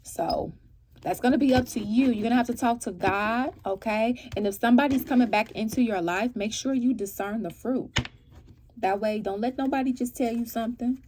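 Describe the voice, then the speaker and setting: A woman giving a casual tarot reading to her viewers. She asks animated rhetorical questions and keeps checking in with "right?" and "okay?". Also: fairly high pitch, moderate pace, slight background noise. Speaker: tarot reader.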